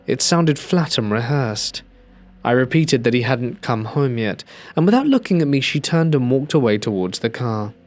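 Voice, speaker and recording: Man narrating a horror story. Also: mid-range voice. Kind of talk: scripted narration.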